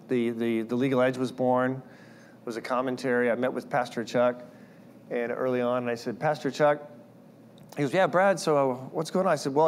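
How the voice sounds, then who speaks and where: Animated male preacher telling stories. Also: medium pitch, a little hiss or hum. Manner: animated, acts out quoted voices. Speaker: guest speaker. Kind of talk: sermon with personal storytelling.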